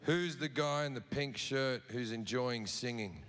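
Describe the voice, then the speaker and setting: Profane Australian stand-up comic. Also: male voice, medium pitch, unhurried. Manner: profane, conversational storytelling. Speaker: stand-up comedian. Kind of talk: stand-up comedy set. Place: live comedy venue. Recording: live show with audible crowd noise.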